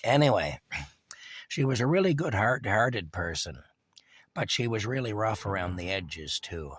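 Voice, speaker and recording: A man's voice: lowish voice, animated, measured pace, slightly rough, dry recording. A man casually reminiscing about his childhood hometown, rambling with fillers, restarts and chuckles. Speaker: storyteller.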